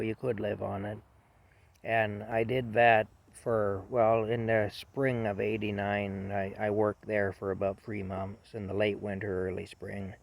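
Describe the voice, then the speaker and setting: A man's voice: lowish voice, a little mellow. A man in his fifties casually telling a rambling, self-deprecating story from his past. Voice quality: gravelly.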